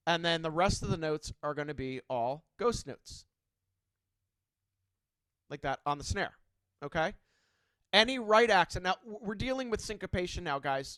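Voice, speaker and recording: A man's voice: fairly high pitch, a bit bright, dry recording. A man teaching a drum clinic in a casual, chatty way, checking in often with his students. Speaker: drum instructor.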